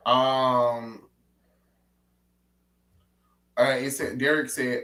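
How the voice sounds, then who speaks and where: A man in casual pop culture chat, animated and rambling as a podcast co-host. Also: fairly high pitch, normal speed, recorded from a distance. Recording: echoey room, off-mic.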